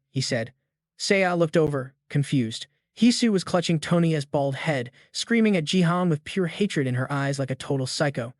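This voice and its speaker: A man's voice: on the high side, expressive, no echo. Slangy male recap narrator, dry close sound. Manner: brisk, slangy storytelling.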